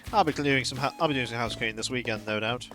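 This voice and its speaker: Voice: mid-range voice, quick pace. Chatty streamer over faint game music. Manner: relaxed and chatty. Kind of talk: casual gaming commentary.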